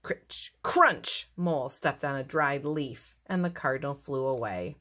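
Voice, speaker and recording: A woman reading a children's storybook aloud in a lively, expressive way. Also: a bass voice, moderate pace. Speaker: narrator.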